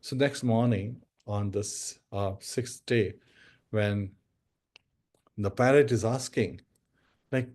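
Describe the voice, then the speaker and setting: A man's voice: fairly low pitch, slow pace, pauses often, a little mellow. A man giving a devotional discourse, telling a story and addressing listeners as devotees. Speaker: spiritual speaker.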